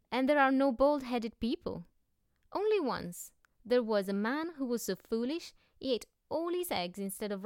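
A woman voicing a bold, boastful young girl who tells tall tales, loud and cheerful. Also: a little high, dry recording, studio quality.

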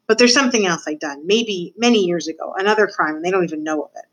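A woman voicing a gruff, rough-spoken male prisoner in a read-aloud storybook. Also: on the low side, fast talker, natural voice, rough recording. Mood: remorseful.

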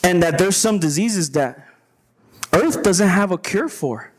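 Pastor guy with a high voice, slow sermon, keeps asking the room "amen?", repeats himself. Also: animated, slight background noise, poor audio. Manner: repeats words, calls to the crowd for agreement. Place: retreat gathering before a live audience.

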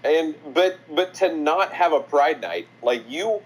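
A man's voice: a little high, animated, unhurried, husky, poor audio. A man co-hosting a casual sports podcast, often laughing and tossing in sarcastic asides. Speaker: podcast co-host.

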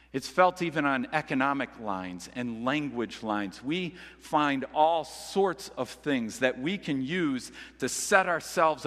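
A man's voice: mid-range voice, fairly bright tone. A man preaching a sermon as pastor, in a conversational, earnest way. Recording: long reverb of a large hall.

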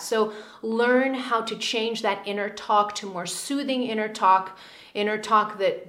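A woman coaching viewers on calming anxiety, checking in often with "okay?" and laughing lightly between points. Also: mid-range voice, echoey room. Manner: coaching, with frequent "okay?" and "all right?" check-ins. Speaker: spiritual coach. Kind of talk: direct-to-camera advice video.

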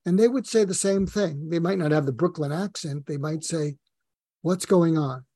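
A man's voice: a little high, moderate pace, mellow, no echo. A middle-aged man, a podcast guest, telling personal stories in an earnest, rambling way with many fillers. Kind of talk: casual personal storytelling.

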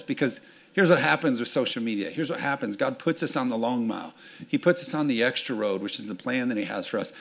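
In a church sanctuary full of people, a pastor preaches through storytelling, acting out voices and asking the congregation for amens. His medium-pitched voice is fast and creaky.

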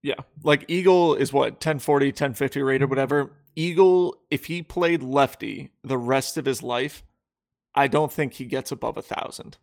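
A man's voice: medium pitch, normal speed, creaky, no room sound, clean studio sound. A man co-hosting a casual podcast, rambling and self-deprecating. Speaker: podcast co-host.

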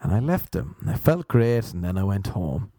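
A man's voice: sits low, big pitch swings, normal speed, warm tone, dry recording, studio quality. A young man doing stand-up, telling an exasperated story with plenty of swearing. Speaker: stand-up comedian.

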